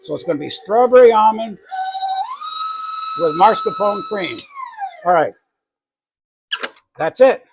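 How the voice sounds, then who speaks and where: His voice is very high and swoops wildly in pitch, a bit slow, with frequent pauses and background noise in the clip. This middle-aged New Englander with a regional accent runs a home baking channel, rambling through a cake recipe in his kitchen, fixing his own mistakes and adding chatty asides.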